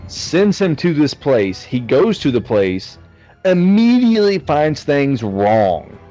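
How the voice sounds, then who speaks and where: A man's voice: a little high, sing-song, slow, dark tone, soft background music. A man co-hosting a casual movie review podcast, joking and swearing freely. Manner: profane, jokey. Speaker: podcast co-host.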